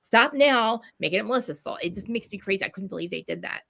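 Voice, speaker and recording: A woman's voice: medium pitch, lively intonation, fast, creaky, sharp tone. A woman from New Jersey, ranting in casual chat, swearing a lot and restarting her sentences. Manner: profane, ranting, many restarts.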